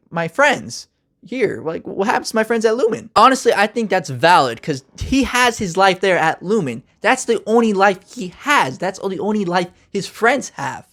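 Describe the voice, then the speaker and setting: Animated young man reviewing a TV show. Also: high-pitched, normal speed. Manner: energetic, slangy, joking. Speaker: TV review host. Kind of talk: casual spoiler review.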